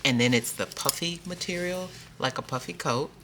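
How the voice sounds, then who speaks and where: A man's voice: fairly high pitch, normal speed, noisy background. A man chatting casually through an unboxing haul video, repeating himself and talking straight to his viewers. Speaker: stationery vlogger.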